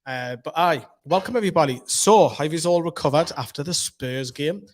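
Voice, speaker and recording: A man with a Geordie accent hosts a football fan channel, chatting to camera from a room at home in an excitable, rambling way, his voice slightly hoarse from shouting. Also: a little high, normal speed, a little hiss or hum. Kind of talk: casual football chat to camera.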